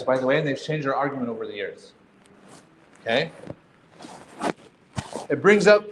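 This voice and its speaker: Male workshop teacher, a touch high-pitched, chatty and joking, quizzes the room; faint noise underneath. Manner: conversational, quizzes the audience, jokes. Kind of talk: interactive workshop lecture. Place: workshop room with a live audience.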